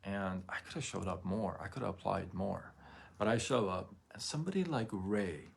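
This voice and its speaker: A man hosting a motivational livestream, talking earnestly and haltingly, often repeating words and checking that viewers follow him. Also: low voice, expressive, vocal fry, husky. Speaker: livestream host. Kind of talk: emotional motivational livestream talk.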